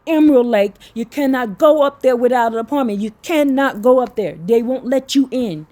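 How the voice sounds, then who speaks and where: A woman giving a religious teaching, reading text aloud and breaking into excited asides to her listeners. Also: fairly high pitch, normal speed, few pauses.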